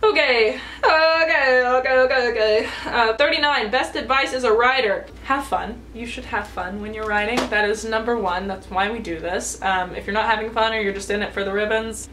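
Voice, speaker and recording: A woman's voice: fairly high pitch, a little fast, few pauses, fairly bright tone, a little hiss or hum. An eighteen-year-old American woman answering viewer questions in a casual vlog, bubbly and chatty, giggling between answers. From United States. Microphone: camera mic.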